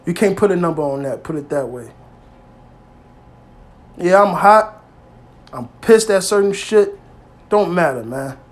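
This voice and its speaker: A man preaching informally to his brothers, with emphatic, street-style speech that swings between loud exhortation and quiet, low asides. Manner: emphatic and streetwise, peppered with "man" and "hey", swearing freely. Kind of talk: informal scripture teaching.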